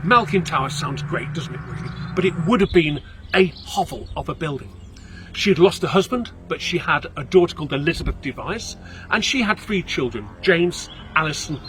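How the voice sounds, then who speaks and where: A man, a local guide telling a story on location outdoors, theatrical, shifting between hushed and loud. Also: a little high. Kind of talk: dramatic storytelling.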